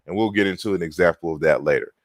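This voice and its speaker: A man giving an online linguistics lecture, deliberate, spelling out words with frequent fillers and restarts. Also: sits low, no room sound.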